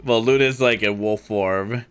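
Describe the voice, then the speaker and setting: A man's voice: lowish voice, unhurried, a bit bright, clear, resonant tone. A man narrating a tabletop vampire game as game master, loose and full of fillers.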